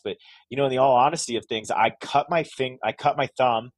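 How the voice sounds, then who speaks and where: A man's voice: medium pitch, fairly quick, no echo. A middle-aged man from Vermont, a podcast guest telling his story in casual, rambling talk full of "like" and restarts. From Vermont, USA. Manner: rambling, lots of "like" and "you know", restarts.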